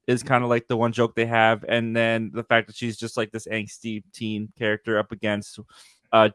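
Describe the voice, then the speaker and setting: A man's voice: mid-range voice, pushed and bright, dry recording, clean studio sound. A man hosting a live film review chat, steering the talk and asking the others for their verdicts. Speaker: host of a movie review stream.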